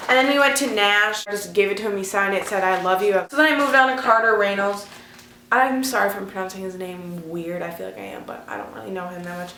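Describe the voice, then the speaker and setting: A woman's voice: mid-range voice, fairly even intonation, fast, pushed and bright, slight background noise. A teenage girl telling a story in a casual vlog, gushing and chatty, saying "like" constantly. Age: teens. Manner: chatty, gushing, heavy use of "like". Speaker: vlogger. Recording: echoey room.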